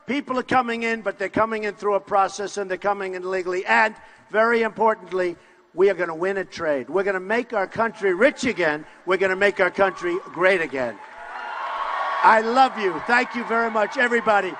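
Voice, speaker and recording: A man's voice: high-pitched, brisk, sharp tone. An older man giving a campaign rally speech, repetitive and emphatic, addressing a large crowd. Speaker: political candidate. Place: large university arena. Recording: echoey hall with long reverb.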